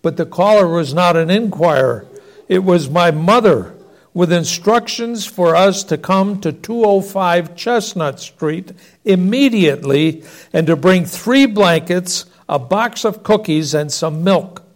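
A man's voice: high voice, measured pace. A man reading a Christmas-style family story aloud as narrator.

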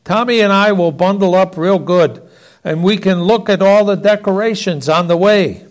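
A man voicing an eager young child who cries out excitedly, in a storytelling reading. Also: high voice, moderate pace, natural voice. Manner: eager and shouting.

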